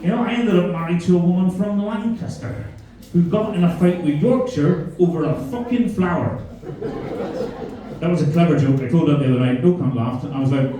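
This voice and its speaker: A man from Belfast in Northern Ireland, with a Belfast accent, works a comedy club crowd with crude, mocking banter during a stand-up set. He speaks at a fairly high pitch, briskly, with a dark tone, and the very echoey recording catches him from a distance.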